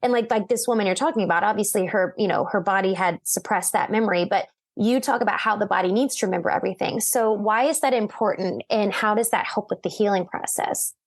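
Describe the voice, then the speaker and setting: A woman hosts a podcast interview, chatty and casual, with lots of fillers as she affirms her guest and frames questions. Her voice is mid-pitched for a woman. The sound is dry and close. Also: fast talker, few pauses, dry recording. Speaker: podcast host. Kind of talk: interview conversation.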